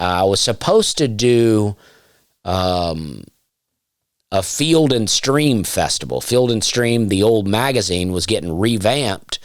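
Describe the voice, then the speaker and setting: A man with a smooth baritone voice, hosting a casual solo comedy podcast, rambling with dry, self-deprecating asides and plenty of fillers. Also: no room sound. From Alabama. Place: home, during nap time.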